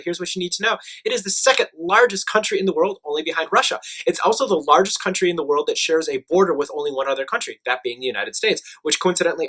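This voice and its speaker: A man teaching his class by video, talking fast in a bright, fairly high voice. He keeps things upbeat and chatty, with frequent ums as he goes. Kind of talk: video class update to students.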